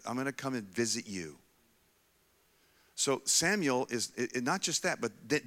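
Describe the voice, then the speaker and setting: A man preaching a sermon, telling a Bible story in a casual, animated way with frequent restarts. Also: medium pitch. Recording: long hall reverb.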